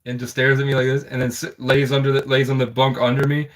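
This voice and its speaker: A man's voice: medium pitch, monotone, fast talker. A man telling a personal story in an intense, rambling, conspiratorial monologue.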